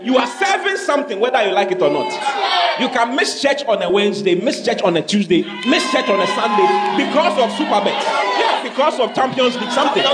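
A man preaching a lively sermon as pastor to a congregation, acting out scenes and questioning listeners directly. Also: high-pitched, brisk, over a noisy crowd, very noisy. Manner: animated preaching, acting out God in a dramatic skit. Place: church hall with congregation.

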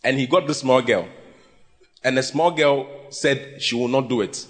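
A male pastor, preaching a humorous sermon, teasing and often shouting to his congregation. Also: medium pitch, moderate pace. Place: church before a live congregation. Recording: congregation noise behind the voice.

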